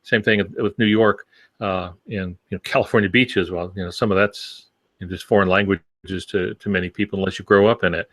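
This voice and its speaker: A man with a fairly low voice co-hosts a writing podcast and works through his points in long, rambling turns. The sound is dry and close, with no room around him. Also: steady tone, a little fast, fairly bright tone, no room sound. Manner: rambling, filler-heavy explanations. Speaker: podcast co-host. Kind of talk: casual discussion.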